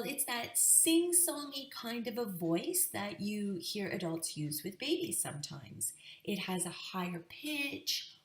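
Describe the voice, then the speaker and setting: A woman in her thirties explaining to parents how babies learn language, in a friendly teaching manner. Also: medium pitch. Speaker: parenting educator. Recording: echoey room.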